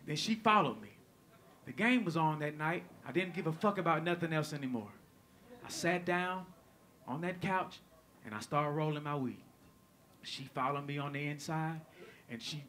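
A man doing stand-up comedy, telling a story in an animated, profane way and acting out the lines of people in it. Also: sits high, a little hiss or hum. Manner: animated, profane, acts out quotes.

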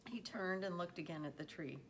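Low-voiced woman reading a novel. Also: a little hiss or hum, rough recording. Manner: steady, unhurried storytelling. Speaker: audiobook reader.

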